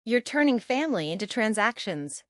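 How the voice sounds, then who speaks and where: A woman voicing a calm, stern father who speaks in measured, deliberate sentences. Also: a little high, no room sound, studio quality. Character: calm, stern older father, deep and slow.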